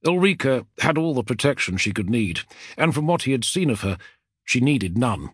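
A man reading a fantasy novel aloud as an audiobook narrator, with a dramatic, expressive delivery. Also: mid-range voice, moderate pace, breathy edge, no echo, studio quality.

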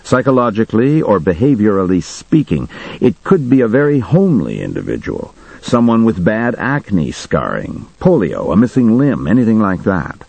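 Male narrator, deep and husky, dry close sound, measured first-person read. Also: wildly swooping pitch, a little mellow, dry recording, rough recording.

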